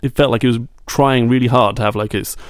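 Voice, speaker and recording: A man co-hosting a podcast about books, complaining in casual chat with an exasperated, animated manner. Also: medium pitch, quick pace, no room sound, studio quality. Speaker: book podcast co-host.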